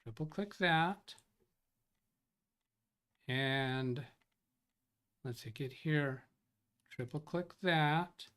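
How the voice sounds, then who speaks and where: His voice sits on the high side, a bit bright, clear, and resonant, with drawn-out words and long pauses. As host of a tech support live stream, he reads viewer comments, thinks aloud, rambles, and corrects himself in casual chat.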